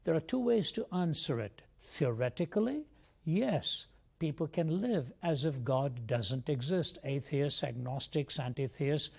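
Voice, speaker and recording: Gravelly-voiced man telling his story. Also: a little high, expressive, a little mellow. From India. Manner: measured storytelling with vivid phrasing. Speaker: guest. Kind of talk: personal testimony in a conversation.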